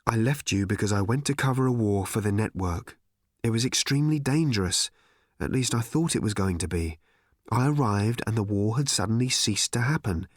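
A man voicing a composed woman journalist who speaks quietly and steadily. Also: fairly low pitch, expressive, moderate pace, dry recording, clean studio sound. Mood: calm, urgent.

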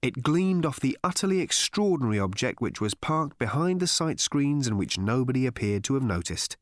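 A man reading an audiobook aloud as narrator, in a wry, measured storytelling manner, recorded in a studio. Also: mid-range voice, very animated, dry recording. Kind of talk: scripted narration.

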